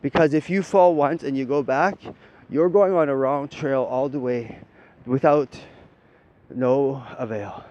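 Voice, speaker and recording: A man's voice: unhurried, darkish tone. A man giving a rambling spiritual monologue, often ending his points with "right?" and swearing casually. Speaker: spiritual talker. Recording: dull lo-fi audio with faint rumble.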